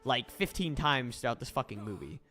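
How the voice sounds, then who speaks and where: A man's voice: mid-range voice, very animated, fairly quick, pushed and bright, faint music behind. A young man from Florida, chatting casually on a stream, swearing a lot and laughing often. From Florida, USA.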